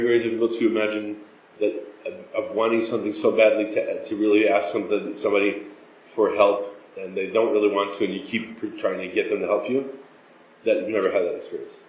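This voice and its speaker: A man's voice: on the low side, fairly even intonation, brisk, pauses often. A middle-aged man teaching a class on prayer, speaking earnestly and acting out pleading prayers. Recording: roomy, dull lo-fi class recording.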